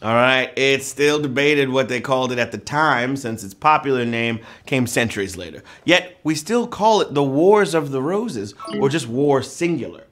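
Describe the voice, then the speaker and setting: A man hosting a live trivia game show, playful and joking, with loud whoops. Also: mid-range voice, lively intonation, moderate pace, hardly any pauses, a little hiss or hum.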